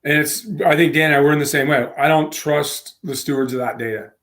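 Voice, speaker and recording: A man co-hosting a casual tech podcast, telling a long story with lively acted-out quotes and frequent laughs. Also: a little high, fairly quick. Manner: animated storyteller, acts out quotes, laughs often. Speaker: podcast co-host.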